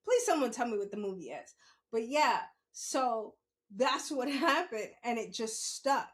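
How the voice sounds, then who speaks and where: A middle-aged woman, telling stories in a casual monologue, animated and laughing often as she acts out what people said. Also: a little high, measured pace. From New York City. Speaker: podcast host.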